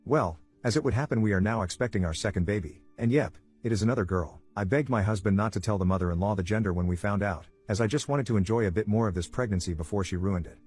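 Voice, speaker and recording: A man narrating a first-person reddit story in a brisk, even reading voice. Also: lowish voice, breathy edge. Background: faint background music.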